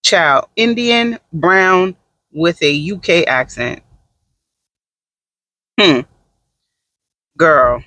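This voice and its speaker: A man doing sassy, animated gossip commentary in a casual vlog, with dramatic asides. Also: fairly high pitch, extremely slow, long pauses, no echo. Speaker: vlogger.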